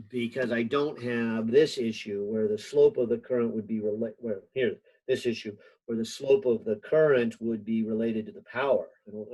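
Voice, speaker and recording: This physics teacher leads an online class help session by video call, musing aloud through lots of filler words and a few gentle jokes. The recording is poor, carrying his slightly mellow, mid-range male voice.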